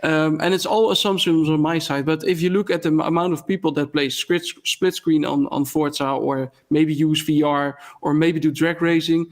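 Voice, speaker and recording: Guy on a gaming panel, hedges everything, says "you know" a lot, slightly high voice. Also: steady tone, normal speed, few pauses. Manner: hedging, many fillers and "you know". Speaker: panel guest. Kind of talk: casual panel chat.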